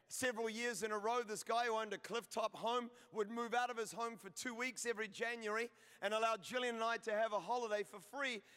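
A man's voice: very high-pitched, pushed and bright, clean tone. A middle-aged man preaching a sermon, telling humorous stories and building to emphatic declarations. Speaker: pastor. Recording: reverberant hall.

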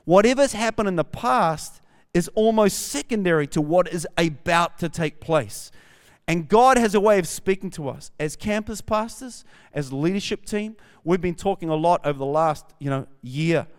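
A man's voice: high-pitched, animated, normal speed, clean tone. A man with a New Zealand accent, a campus pastor preaching a sermon and reading scripture aloud with rising fervor. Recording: long hall reverb.

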